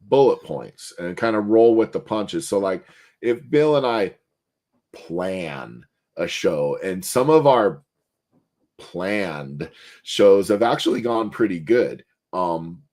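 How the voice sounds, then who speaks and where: A man co-hosting a casual chat show, relaxed and thinking aloud. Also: deep voice, slow. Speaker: co-host.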